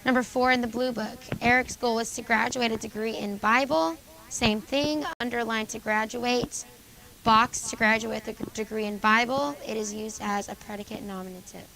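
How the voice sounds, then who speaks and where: A woman teacher going over grammar exercises with a junior high class, calling on students by name and confirming their answers. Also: fairly even intonation, moderate pace, gravelly, crowd noise, low-quality recording. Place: school classroom.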